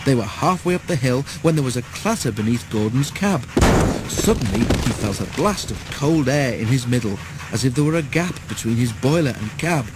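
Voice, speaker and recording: A man narrating a children's storybook in a steady, measured way. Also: mid-range voice, heavy background noise. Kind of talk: storybook read-aloud.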